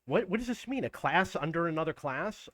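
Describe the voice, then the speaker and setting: A man's voice: a little high, lively intonation, brisk, fairly bright tone, no room sound. A man in his fifties ranting indignantly about his day in a casual vlog, quoting people in an exasperated raised voice. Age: 50s. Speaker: vlogger.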